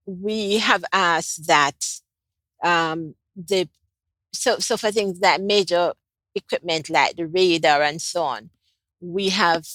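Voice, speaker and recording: A woman answering interview questions about a climate project she leads, in a measured way with frequent ums and restarts. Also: on the low side, bright, forceful tone, no room sound.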